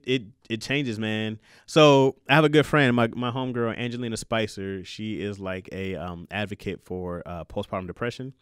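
A man's voice: medium pitch, sharp tone, smooth, no room sound, studio quality. A man, a new father and comedian, talking casually and animatedly, swearing and laughing often. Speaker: new father giving advice. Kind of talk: casual monologue.

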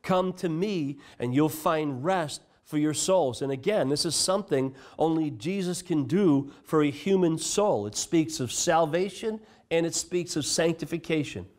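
A man's voice: fairly high pitch, lively intonation, measured pace, few pauses, darkish tone. A man preaching a sermon as pastor, reading scripture aloud and stressing key phrases with earnest emphasis. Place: church.

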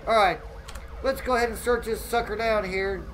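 A man live-streaming a police game, joking loudly and thanking viewers by name. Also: high-pitched, fairly even intonation, normal speed, slight background noise, rough recording.

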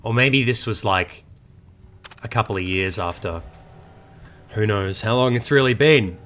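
A man's voice: on the low side, a little slow, long pauses. A young man giving casual, swearing let's-play commentary as a gaming YouTuber. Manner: swearing, excitable, chatty.

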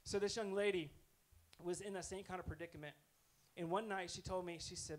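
A man's voice: sits high, steady tone, a little fast, poor audio. A man preaching a sermon in a conversational, earnest storytelling way. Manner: conversational, earnest, self-correcting.

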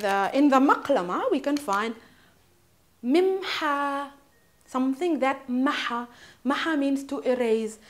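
A native Arabic-speaking woman with a Palestinian accent teaches vocabulary in a relaxed, chatty way. Her voice sits fairly high and moves with lively, animated swings of pitch. She repeats each word slowly and checks in often with a questioning "hmm?". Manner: shows objects while naming them. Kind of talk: casual vocabulary lesson.

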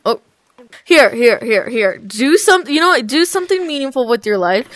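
A woman giving let's play commentary, talking back to a game character with loud exclamations, scolding, frequent laughter and swearing. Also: high-pitched, sing-song, moderate pace, dry recording. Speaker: gaming video creator.

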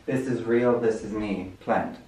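A woman's voice: very deep voice, fairly even intonation, unhurried, dark tone. A playful young woman giving a casual, giggly tour of her small bedroom. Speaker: vlogger. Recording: echoey room with music.

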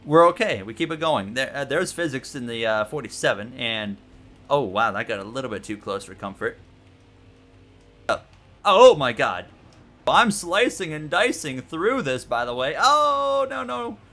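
A man giving excitable, jokey let's-play commentary on a racing game, yelping and repeating himself when things go wrong. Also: medium pitch, normal speed. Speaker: gaming YouTuber.

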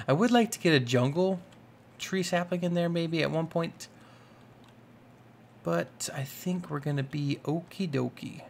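Excitable young man rambling over gameplay. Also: a little high, slight background noise. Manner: excitable, rambling, full of fillers. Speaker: gaming YouTuber. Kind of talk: casual Minecraft let's play commentary.

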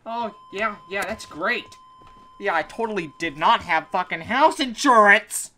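A woman giving let's play commentary, exasperated, swearing often, yelling in bursts and then muttering to herself. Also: medium pitch, lively intonation, unhurried, slight background noise. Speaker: gaming commentator.

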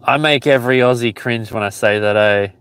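A man's voice: mid-range voice, fairly quick, fairly bright tone, clean tone. A man streaming a live mobile game outdoors, chatting casually, teasing and reading the chat aloud. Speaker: Pokemon GO streamer.

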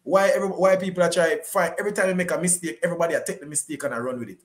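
A man's voice: fairly high pitch, rapid-fire. A Jamaican man on a discussion panel, speaking with passion and repeating his points.

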